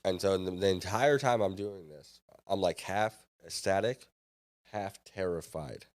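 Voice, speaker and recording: Man telling a lively kitchen story. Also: low voice, measured pace. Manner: lively anecdote-telling, acts out others' lines. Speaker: podcast guest, startup founder and former chef. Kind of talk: animated storytelling.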